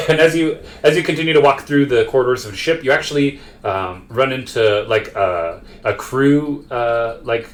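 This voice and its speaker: A man's voice: medium pitch, normal speed, hardly any pauses. A man running a tabletop game as game master, narrating in a rambling way with many fillers.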